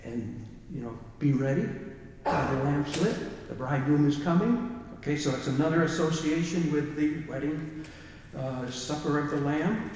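A man's voice: fairly high pitch, moderate pace, a little mellow, a little hiss or hum. A man giving an informal music lecture, hesitating with fillers and singing short phrases to show the rhythms. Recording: echoey hall from far off.

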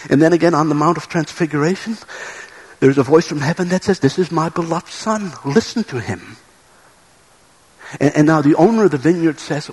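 A man's voice: a little high, moderate pace, husky, poor audio. A man preaching a sermon in an earnest way, often repeating words as he builds a point.

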